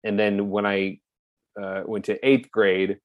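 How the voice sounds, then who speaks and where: A man's voice: lowish voice, unhurried, no room sound. A young man, an actor as a guest, talking casually about his past, laughing often and acting out what others said. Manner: relaxed, laughs often, acts out voices of others. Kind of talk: casual interview chat.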